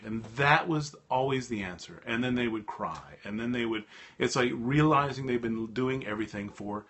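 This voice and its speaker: A middle-aged man telling a rambling, animated personal story in a casual monologue to his viewers. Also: medium pitch, moderate pace. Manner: animated, rambling, with frequent restarts. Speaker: host of a live stream talk.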